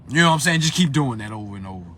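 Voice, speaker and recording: A man ranting live into his phone, cursing freely as he talks to his viewers. His voice sits at a middling pitch and sinks into low grumbles, then jumps into loud, strained yells. A faint hum of ambient noise sits under him. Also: lively intonation, very fast. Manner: swings between low muttering and loud high-pitched outbursts. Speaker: live-stream host. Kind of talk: profane live-stream rant. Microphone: phone on a social live stream.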